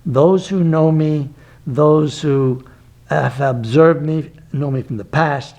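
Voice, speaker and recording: An older man, a martial arts grandmaster, talking emphatically and digressively in an interview, with breathy gasps between phrases. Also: on the high side, takes it slowly, darkish tone. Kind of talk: reflective interview talk.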